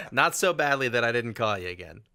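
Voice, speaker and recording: Brief: male host, bright and lively, chatty, quick to laugh, dry close recording. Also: mid-range voice, no room sound. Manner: laughs often, tells jokes. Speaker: podcast host. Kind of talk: casual conversation.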